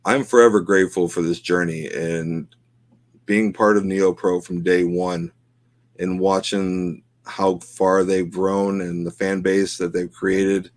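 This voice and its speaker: In a casual podcast chat, the middle-aged co-host speaks slowly in a low, level voice. His talk is emotional and rambling, full of fillers.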